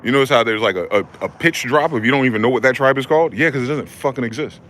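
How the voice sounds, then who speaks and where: Speaking quickly in a mid-range, fairly bright voice, a vlogger rants angrily and profanely, confronting his target and repeating the same rhetorical questions. Slight background noise is audible.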